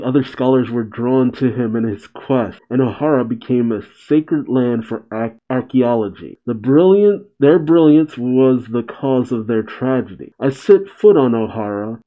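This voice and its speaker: A man reading a comic chapter aloud and reacting to it, animated and close to tears at times. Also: medium pitch, highs cut off. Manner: excitable, reads aloud then comments, chokes up. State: emotional, tearing up. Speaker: reaction video host.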